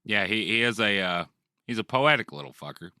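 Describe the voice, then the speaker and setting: A man's voice: lowish voice, animated, fairly quick, sharp tone, clear, resonant tone, no room sound, studio quality. A man co-hosting a casual podcast, playful and emphatic, swearing freely. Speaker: podcast co-host.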